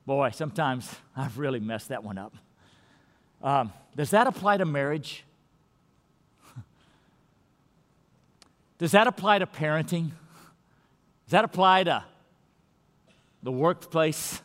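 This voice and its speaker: A male pastor with a notably high-pitched voice delivers an earnest sermon, repeating key words and sinking to a hush to drive a point home. His voice rings out with the long reverb of a large church sanctuary. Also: lively intonation, takes it slowly, pauses often.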